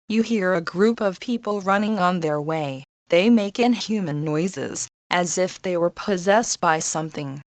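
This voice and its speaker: A woman narrating a scripted story in an even, measured reading. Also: lowish voice, no room sound.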